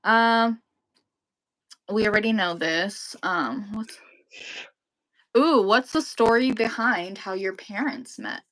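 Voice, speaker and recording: A woman's voice: medium pitch, slow, long pauses, a bit bright, rough recording. A woman co-hosting a casual live chat, agreeing often and chiming in with short replies. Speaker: co-host of a live stream.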